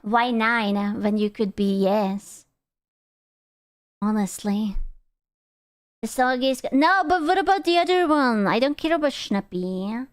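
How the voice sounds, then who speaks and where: Young woman streamer rambling and cussing, kinda high voice, smooth clean sound, dry. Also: lively intonation, measured pace, pauses often, dry recording. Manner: rambling, swears freely, playful teasing. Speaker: streamer reading chat. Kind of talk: casual stream chat.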